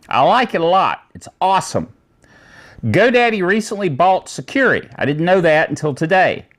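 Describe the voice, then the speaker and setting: A man's voice: a little high, fairly bright tone. A man hosting a casual tech news show, talking in a rambling, chatty way with many asides.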